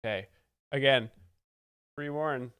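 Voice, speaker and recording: A man's voice: medium pitch, takes it slowly, a bit bright, clear, resonant tone, no echo. A man hosting a live stream, explaining stand-up jokes in a sarcastic, mock-expert tone. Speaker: comedy stream host. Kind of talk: casual live-stream commentary.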